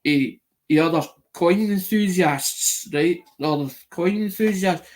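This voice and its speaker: Man telling a rambling, higher-pitched story. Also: a little slow. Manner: rambling, with frequent restarts and casual swearing; retells conversations by quoting them. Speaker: channel host doing a live mail call. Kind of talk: casual live-stream storytelling.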